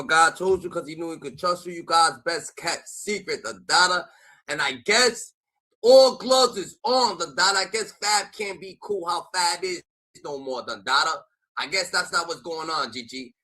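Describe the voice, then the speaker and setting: Loud high-voiced man ranting on stream. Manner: loud, shouting often, swearing, repeats catchphrases. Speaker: streamer commentator. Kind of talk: rap beef commentary stream.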